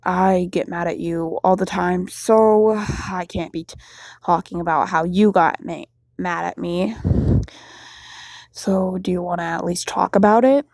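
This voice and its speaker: A woman's voice: lowish voice, steady tone, unhurried, creaky, darkish tone, dry recording, clean studio sound. A woman voicing a cocky teenage boy with a bad-boy front who comforts clumsily and bluntly. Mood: gruff, sheepish.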